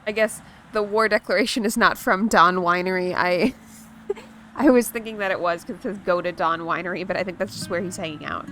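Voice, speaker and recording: Woman streamer, mid pitch, playful chat over game music on a desk mic. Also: fairly quick, a bit bright. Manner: playful, musing aloud, repeating words to test them. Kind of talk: casual livestream chat over gameplay.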